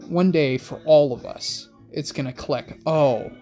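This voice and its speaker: A young man hosting a rambling late-night monologue in laid-back slang, with soft music playing behind him. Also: fairly high pitch, measured pace. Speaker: host. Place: in a car.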